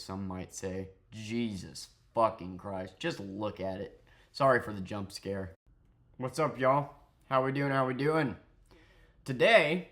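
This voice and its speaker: A man's voice: on the low side, gravelly, fairly bright tone. A man ranting angrily in a commentary vlog, profane and mocking. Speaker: commentary vlogger.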